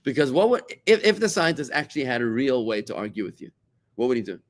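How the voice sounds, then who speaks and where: A middle-aged rabbi from South Africa teaching a Torah class, animated and repeating words as he searches for them. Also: mid-range voice, fast talker. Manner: animated, repeats words while searching, acts out quoted voices.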